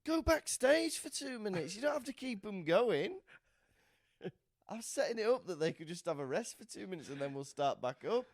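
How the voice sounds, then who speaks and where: A man's voice: high-pitched, normal speed, dry recording, clean studio sound. A man co-hosting a podcast in casual chat, telling an anecdote animatedly and acting out what others said. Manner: animated storytelling, acting out other people's lines. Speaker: podcast co-host.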